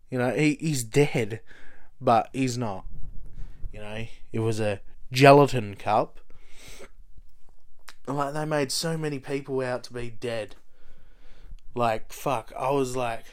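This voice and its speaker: A man casually recapping a TV show, rambling and swearing, full of fillers like "you know" and "like.". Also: medium pitch. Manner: profane, rambling, heavy on fillers. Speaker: TV show fan recapping episodes.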